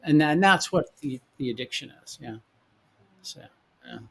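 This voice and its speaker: A man in his forties, a podcast guest, telling his own story in a halting way, often repeating words as he goes. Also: a little high, lively intonation, vocal fry, husky. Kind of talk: candid personal storytelling.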